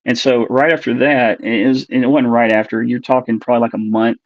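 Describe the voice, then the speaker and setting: A man in his forties, a guest earnestly recounting a personal experience in a halting way as he searches for words. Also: mid-range voice, steady tone, dry recording. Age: 40s. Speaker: podcast guest. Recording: dull, lo-fi dry recording.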